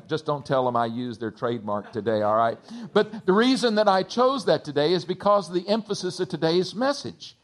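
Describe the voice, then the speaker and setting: Male pastor, high-pitched, emphatic sermon delivery with casual asides. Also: fairly bright tone. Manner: emphatic, building to raised stresses on key words; chatty asides with chuckles. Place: church sanctuary.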